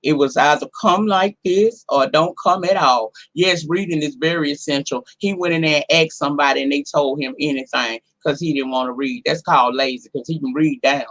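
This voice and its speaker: Hoarse, sassy woman host with a cold. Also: deep voice, brisk, hardly any pauses, fairly bright tone. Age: 40s. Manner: sassy, profane, talks straight to the chat. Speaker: livestream host. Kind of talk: casual live-stream chat. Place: her home.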